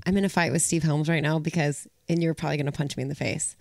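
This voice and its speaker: A woman's voice: sits low, steady tone, fast talker, creaky, a little mellow, dry recording. Chatty woman podcast host, dry sound. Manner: chatty, acts out quotes from others. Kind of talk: casual chat.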